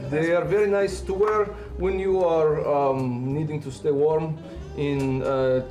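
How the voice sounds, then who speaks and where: A man chatting on a stream while putting on a playful mock Russian accent, speaking deadpan in broken grammar. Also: on the high side, slow pace, roomy sound, soft background music. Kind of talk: casual stream chat.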